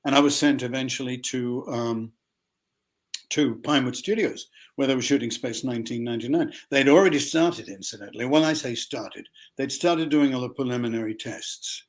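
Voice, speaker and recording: A man's voice: mid-range voice, moderate pace. Older aussie guy spinning showbiz yarns, lots of ums, acts out the bits. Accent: Australian. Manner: animated raconteur, acts out quotes, many fillers. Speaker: actor guest. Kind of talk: anecdotal interview storytelling.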